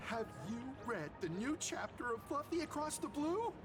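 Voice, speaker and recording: A woman voicing an indignant young fan in a video game, exasperated and sharp. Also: high-pitched, big pitch swings, moderate pace. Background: game music.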